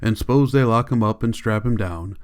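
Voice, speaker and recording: A man voicing a calm, respected lead ranch hand with a quiet, low rural drawl. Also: moderate pace, clear, resonant tone, lightly acted. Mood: somber.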